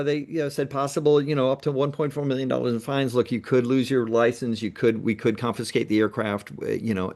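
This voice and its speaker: A man, a nonprofit founder as a guest, telling a story in a conversational interview and acting out what others said. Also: mid-range voice. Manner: lively retelling that acts out other people's lines.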